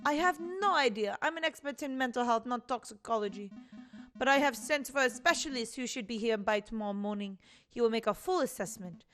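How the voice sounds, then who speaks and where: A woman voicing a calm, measured male doctor in a game. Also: a little high, faint music behind. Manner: measured, professional.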